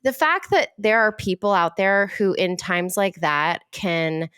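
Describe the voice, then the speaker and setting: A woman in a casual podcast chat who tells stories with energy, slipping into the voices of people she quotes. Her voice is mid-pitched and recorded dry and close, with no room sound. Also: a little slow, smooth, no room sound. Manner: animated storyteller, acts out quoted people. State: mother. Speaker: podcast co-host.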